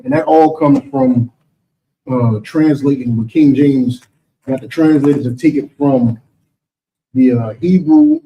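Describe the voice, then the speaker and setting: Emphatic preacher heard from afar. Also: male voice, mid-range voice, warm tone, recorded from a distance, dull audio. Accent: American. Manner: emphatic, rhetorical, repeats "you understand?". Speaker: teacher answering questions. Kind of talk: preaching Q&A session.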